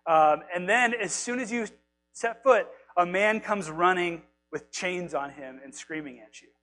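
A man preaching a casual, animated sermon, retelling scripture stories and acting out the quotes in a conversational way. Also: high voice, unhurried, faint music behind, rough recording. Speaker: pastor.

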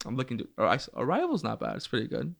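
A young man in a casual chat about movies, telling stories with lots of fillers and sudden excited jumps in pitch. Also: very fast, vocal fry. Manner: chatty storyteller, many fillers, jumps up in pitch when excited.

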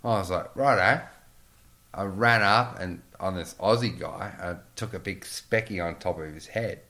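A man telling rowdy stories in a casual chat, swearing often and getting animated. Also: low-pitched, normal speed.

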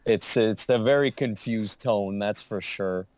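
A man's voice: lowish voice, a little slow, a little mellow, no echo. A man co-hosting a casual podcast chat, joking, swearing freely and laughing often. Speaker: podcast co-host.

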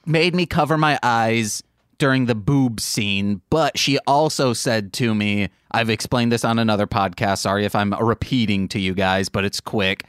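A man's voice: lowish voice, moderate pace, a bit bright, clear, resonant tone, no echo. Young guy podcast cohost, rambly stories, dry close sound. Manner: rambling, self-correcting anecdotes. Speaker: podcast co-host. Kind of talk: casual chat.

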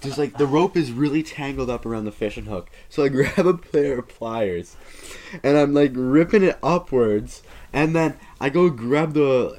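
Laughing young guy telling a story. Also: medium pitch. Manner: animated storyteller, laughs often. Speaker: podcast co-host. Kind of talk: casual chat.

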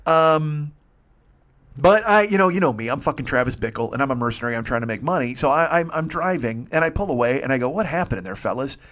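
A young man telling a story in casual, profane podcast chat, acting out the other people's lines. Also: mid-range voice. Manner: fast, profane, animated, acts out dialogue. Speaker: podcast host.

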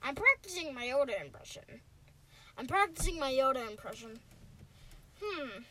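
A woman's voice: high-pitched, big pitch swings, normal speed, bright, forceful tone, a little hiss or hum. A woman chatting casually on a podcast in a playful, giggly and rambling way.

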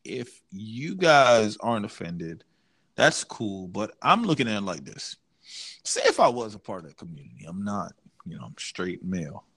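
Male podcast co-host, AAVE, animated, wide pitch swings, rants loud then drops low. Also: normal speed, slightly rough. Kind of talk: casual podcast banter.

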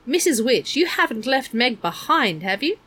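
A woman's voice: a little high, animated, measured pace, breathy edge, exaggerated voice. A woman doing a bossy, indignant little boy. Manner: bossy, shouting. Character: small clever indignant young boy.

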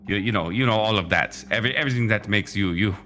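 Man, tabletop player, very low voice, bright tone, stammering, faint music. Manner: halting and stammering. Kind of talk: casual game chat.

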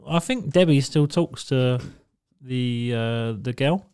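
A man's voice: mid-range voice, takes it slowly, a little mellow, smooth, dry recording. A young man from England co-hosting a podcast, telling stories in a laid-back, sweary way. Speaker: podcast co-host. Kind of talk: casual chat.

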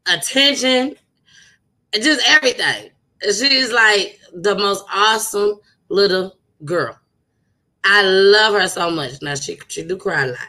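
A young woman talks casually to her podcast listeners, heartfelt and chatty, circling back over her words for emphasis. Her voice is bright and forward, and she takes her time, drawing out phrases at an unhurried pace. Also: mid-range voice. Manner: chatty, repetitive, heartfelt, uses dialect. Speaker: podcast host. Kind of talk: casual chat.

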